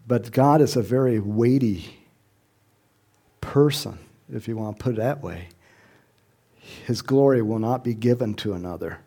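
A man's voice: mid-range voice, warm tone. A middle-aged man preaching a sermon in a conversational way, chuckling often and rising to emphatic questions. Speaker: pastor.

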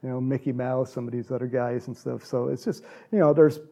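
A man's voice: medium pitch, steady tone, fairly quick, creaky, dark tone. A middle-aged American man preaching a casual, rambling sermon full of stories, restarts and little chuckles. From United States. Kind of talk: conversational sermon with anecdotes.

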